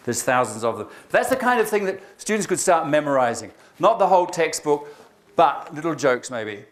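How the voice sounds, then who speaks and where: A man giving a chatty, joking talk to a room of teachers, acting out kids' jokes in quick little voices. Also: on the high side. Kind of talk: lively conference talk to teachers. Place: lecture hall.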